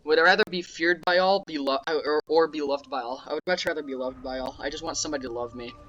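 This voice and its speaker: A young man giving casual, rambling gameplay commentary that breaks into sudden yelling at the game. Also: fairly high pitch, fast, muffled recording. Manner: rambling, offhand, with sudden yelled outbursts at the game. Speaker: gaming YouTuber.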